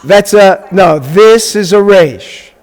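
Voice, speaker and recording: High-voiced man teaching in a reverberant hall. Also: animated, takes it slowly, a little mellow. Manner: drills sounds with the class, joking asides. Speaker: rabbi teaching a Hebrew class. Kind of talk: live classroom teaching. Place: congregation classroom.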